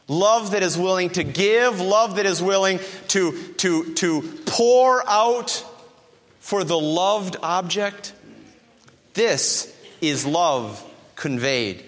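A man's voice: high voice, animated, slow pace. A male preacher delivering a sermon with emphatic repetition and rhetorical questions. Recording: long hall reverb.

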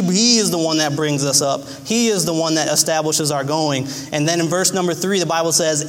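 A man's voice: on the high side, a bit bright, big-room sound. A man preaching a sermon, earnest and folksy, who acts out little scenes as he speaks. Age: adult.

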